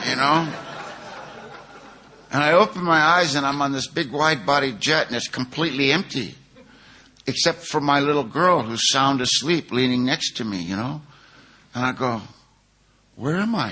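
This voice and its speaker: A man's voice: medium pitch, sharp tone. A middle-aged man from California telling his personal recovery story to a conference audience, earnest and conversational, with frequent "you know.".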